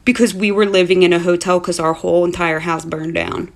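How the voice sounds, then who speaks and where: A woman recounts an eerie family story in a casual, chatty way. She is animated and blunt and swears freely. She acts out each quote as she goes. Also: lowish voice, fairly quick, vocal fry. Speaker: mother telling a personal story.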